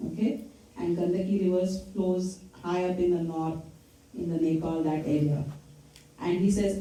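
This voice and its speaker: A woman's voice: fairly low pitch, fairly even intonation, moderate pace, warm tone. Storytelling woman in an echoey hall. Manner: conversational storytelling, quizzes the audience. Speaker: lecturer. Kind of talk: temple lecture retelling scripture stories. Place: temple hall. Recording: echoey hall, mic from far off.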